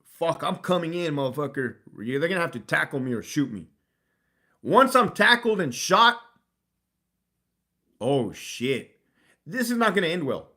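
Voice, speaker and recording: A man's voice: fairly high pitch, very animated, moderate pace, long pauses, sharp tone. A man hosting a casual livestream, swearing freely and laughing as he talks to his chat. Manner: profane, laughing, reading chat aloud. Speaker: livestream host.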